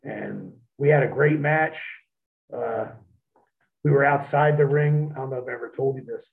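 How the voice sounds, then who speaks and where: Gravelly man on a tinny phone line. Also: mid-range voice, normal speed. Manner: profane, animated storytelling. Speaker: wrestler guest. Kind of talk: storytelling in an interview.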